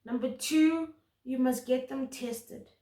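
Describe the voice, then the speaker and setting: A woman's voice: high-pitched, slow pace, warm tone, reverberant. A woman giving an intuitive tarot reading to camera, earnest and emphatic, often repeating words for stress. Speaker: tarot reader.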